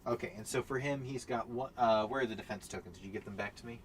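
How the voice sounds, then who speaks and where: A man's voice: mid-range voice, quick pace, slight background noise. A man casually chatting while setting up a tabletop game on a live stream, often mumbling to himself as he sorts pieces.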